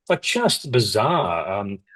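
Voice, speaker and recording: A man's voice: fairly low pitch, poor audio. A middle-aged man, a company founder telling stories in a candid interview, rambling and acting out the voices of people he quotes. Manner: rapid, rambling, animated, acts out quoted dialogue.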